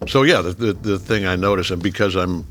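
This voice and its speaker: Older man, 70s, very low voice, easygoing raconteur, soft music bed. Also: fairly quick. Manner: relaxed storytelling, drops low and quiet on reflective moments. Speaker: guest. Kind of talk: casual chat over a meal.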